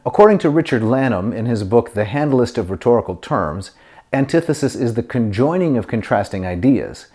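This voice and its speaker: A middle-aged man teaching Latin grammar, explaining step by step and reading Latin phrases slowly and clearly. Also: medium pitch, lively intonation, dark tone. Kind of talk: grammar lesson to camera.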